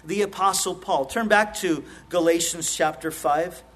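A middle-aged pastor preaches with a notably high voice for a man. He talks earnestly, stumbling into quick repeated words and restarts as he builds his points. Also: fairly bright tone. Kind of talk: sermon.

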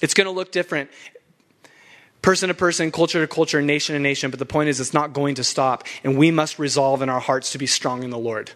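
A man's voice: on the high side, fairly even intonation, fairly quick, a bit bright. A young adult man preaching a sermon as pastor, emphatic and fired up, with laughs between points.

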